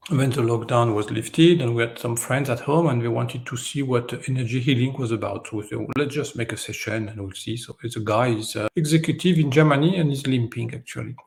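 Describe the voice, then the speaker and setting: A man whose first language is French, a guest in an interview, telling stories in a lively way and acting out the voices of people in them. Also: mid-range voice, brisk, creaky, few pauses. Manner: animated storyteller, acts out voices in his stories. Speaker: guest, energy healer. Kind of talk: storytelling in an interview.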